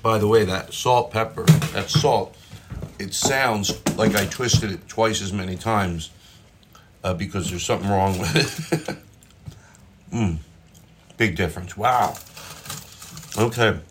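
Over a very noisy recording, a middle-aged man speaks in a lowish voice, slowly and with long pauses. A comedian hosting his own show, he rambles while cooking and eating at home, interrupting himself and swearing mildly, with a phone propped up nearby as the mic.

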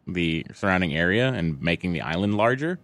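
A man's voice: low voice, animated, a little fast, a bit bright, dry recording. A man from Boston co-hosting a podcast, explaining bits of trivia in a casual, rambling chat. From United States, Boston. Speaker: podcast co-host.

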